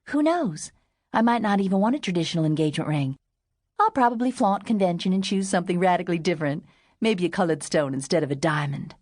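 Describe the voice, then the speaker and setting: A bold, impatient young woman who teases her sweetheart and scoffs at convention, as a woman reader puts her on. The voice sits low and sounds close and dry. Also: moderate pace, vocal fry, husky, dry recording, heavily acted. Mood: wistful. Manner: teasing, impatient, lively.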